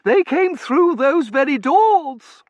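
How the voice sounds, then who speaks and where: A man's voice: extremely high pitch, expressive, takes it slowly, a little mellow, dry recording, lo-fi sound, voice pushed up, exaggerated voice. A man voicing a haughty, frosty Victorian matron who speaks with icy disdain. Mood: indignant.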